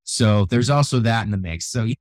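An older man with gray hair, a youth keynote speaker, telling animated stories in a radio interview. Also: lowish voice, brisk, no echo. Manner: energetic, animated storyteller who acts out quotes. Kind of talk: storytelling interview talk. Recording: dry close sound, radio show.

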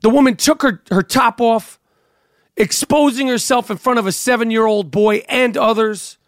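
A man with a strikingly high voice rants on a talk show, crude and incredulous, piling on the outrage. The sound is close and dry, with no room around it. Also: moderate pace, no room sound. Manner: heated, crude, incredulous ranting. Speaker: host. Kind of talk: profane comedic rant.

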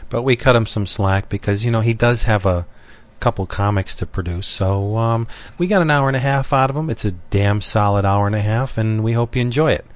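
A man's voice: fairly low pitch, a little fast, hardly any pauses. A man co-hosting a podcast, chatting casually with dry, offhand jokes and introducing a guest. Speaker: podcast co-host.

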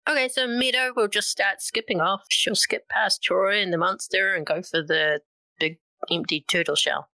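Bright-voiced woman, hesitant player. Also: mid-range voice, steady tone, moderate pace, dry recording. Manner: thinking aloud, hesitant. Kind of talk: casual tabletop play.

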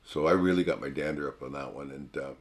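An older man co-hosting a casual podcast, talking in a folksy, halting way with many restarts. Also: extremely low pitch. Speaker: podcast co-host. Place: cabin.

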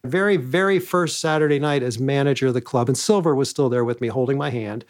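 A man who once managed a comedy club, telling animated backstage stories and acting out what people said. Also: mid-range voice, fairly quick. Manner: animated anecdotes, acting out quoted lines. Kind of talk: storytelling interview guest.

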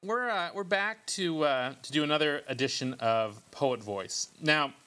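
Bright-voiced joking man hosting. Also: a little high, unhurried. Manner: joking, loose, with frequent ums. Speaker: podcast host. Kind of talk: casual comedic podcast chat.

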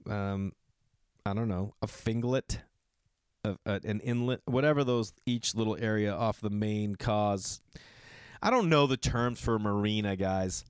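A man's voice: medium pitch, no room sound. Podcast host, 30s male, rambling chatty storyteller, dry recording. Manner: rambling, animated, addresses listeners as guys and dude. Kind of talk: casual storytelling monologue.

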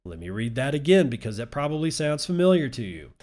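A man's voice: mid-range voice, sing-song, fast, a little mellow. A man hosting a crypto news show, reading articles aloud and breaking in with sarcastic, profane, mocking commentary.

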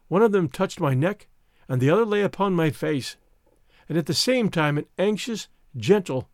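In scripted audiobook narration, a man reads a first-person story aloud in a reflective storytelling manner. His voice sits high, and the studio-quality recording has no echo.

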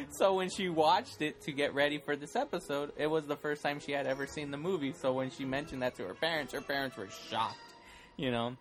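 A man's voice: a little high, a little fast, faint music behind. A man co-hosting a movie podcast, teasing his co-host and rambling with many fillers. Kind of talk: casual movie podcast chat.

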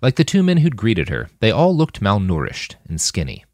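Man reading an audiobook, lowish voice that swings all over, dead dry booth. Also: moderate pace, dry recording. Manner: expressive, wide-ranging reading. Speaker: narrator. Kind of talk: scripted audiobook narration.

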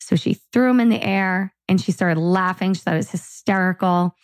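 A woman's voice: mid-range voice, normal speed, no room sound. A woman co-hosting a podcast, telling a family story in casual chat and acting out the dialogue. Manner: animated storyteller, acts out dialogue. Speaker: podcast co-host.

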